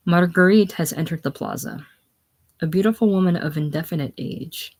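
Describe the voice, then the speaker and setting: A woman's voice: low voice, moderate pace. A woman casually reading a play aloud, reading the stage directions plainly. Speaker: reader.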